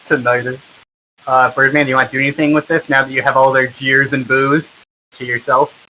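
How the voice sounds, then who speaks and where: A man's voice: mid-range voice, flat delivery, normal speed, pauses often, pushed and bright, slight background noise, poor audio. A young man running a tabletop game as game master, narrating in an easygoing way with lots of ums. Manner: easygoing, many ums and likes.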